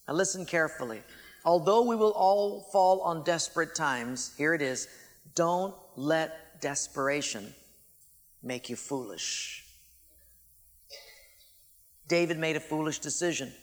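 A male preacher delivers a sermon in a high, bright voice, shifting from loud emphasis to quiet, slow lines. His voice rings with a long reverb from a large hall. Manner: dramatic, swings from loud to hushed.

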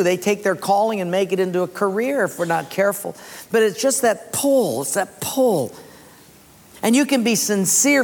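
A pastor preaching a sermon in a large auditorium, telling stories in a conversational, animated way. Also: mid-range voice. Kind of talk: sermon with storytelling. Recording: long reverb in a large auditorium.

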